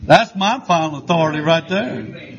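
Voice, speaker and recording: Preacher man, high voice, fiery call-and-response delivery, in a church on a dull lo-fi recording. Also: moderate pace, a little hiss or hum. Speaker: pastor. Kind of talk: sermon. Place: church sanctuary.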